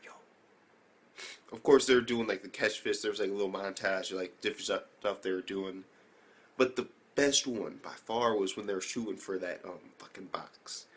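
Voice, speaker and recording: A man's voice: on the low side, normal speed, a bit bright, husky. A young man casually recapping an anime episode, rambling with slang, swearing and many fillers. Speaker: anime reviewer.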